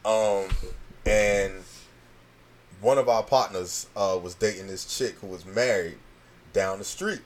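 A man in his thirties telling a story in casual chat, animated, acting out the voices and swearing freely. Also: fairly low pitch, slow, pauses often, a little hiss or hum. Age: 30s.

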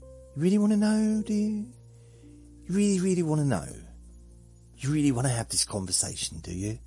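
A man's voice: a little high, normal speed, warm tone, husky, soft background music, pitched above the performer's own voice. A man putting on a voice for his pet dog, talking in a whiny, cheeky and condescending way. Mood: sarcastic. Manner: whiny, then sassy and condescending.

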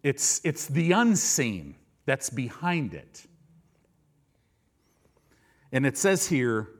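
A male preacher delivering a sermon who swings between low, intense passages and loud, high-pitched bursts, often repeating words for emphasis.

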